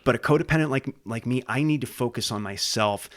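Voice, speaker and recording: A man speaking as a podcast guest in an earnest, halting way, often restarting his sentences. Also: mid-range voice. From United States. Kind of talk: casual interview. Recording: podcast interview.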